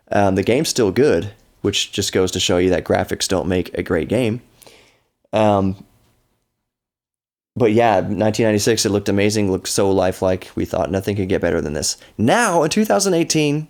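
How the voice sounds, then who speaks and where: Male podcast host, 30s, lowish voice, loose rambling delivery with self-corrections. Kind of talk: casual solo podcast talk.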